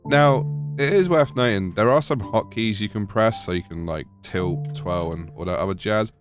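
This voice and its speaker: A man's voice: on the low side, normal speed, music in the background. A British man narrating a gaming video voice-over with wry, sarcastic humour. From United Kingdom. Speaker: gaming YouTuber.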